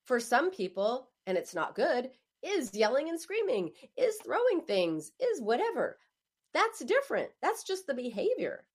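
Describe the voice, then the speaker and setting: A woman speaking as an author giving advice, emphatic and animated, often acting out quoted phrases. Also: high voice. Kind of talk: spoken advice monologue.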